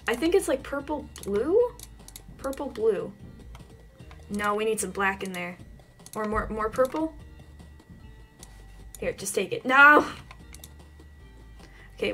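A woman's voice: on the high side, moderate pace, faint music behind. A woman giving casual let's-play commentary, talking to herself with frequent flustered yelps and laughs. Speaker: gaming channel host.

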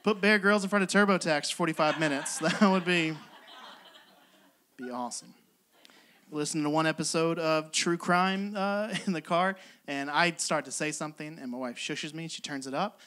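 A man's voice: fairly high pitch, moderate pace, sharp tone. A young man doing a stand-up comedy set on a club stage, telling exasperated, self-mocking stories and laughing often.

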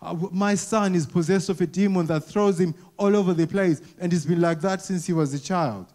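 A desperate father pleads slowly, his voice raised a little and high-set, as a preacher acts him out in a church sermon. He begs over and over, each plea drawn out. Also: a little mellow, close to an everyday voice. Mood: pleading. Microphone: wearing a mic.

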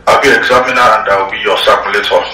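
Male examiner, brisk and formal, bright tone, distant roomy audio. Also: lowish voice, steady tone. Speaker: mock exam examiner. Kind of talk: formal exam instructions.

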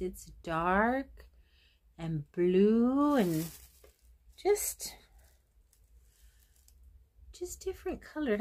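A woman's voice: medium pitch, darkish tone. Chatty woman gushing over thrift finds. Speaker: thrift haul vlogger. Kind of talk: casual haul chat to camera.

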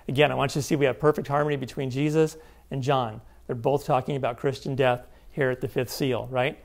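A man's voice: on the high side, gravelly. A man giving an emphatic Bible teaching seminar, often checking in with his listeners. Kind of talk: sermon-style seminar teaching.

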